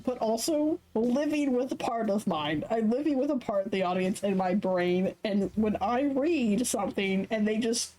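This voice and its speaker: A woman's voice: a little high, expressive, normal speed, warm tone, poor audio. A woman streamer reading a visual novel aloud with live commentary, swearing casually, laughing often and correcting herself mid-sentence. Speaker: Twitch streamer.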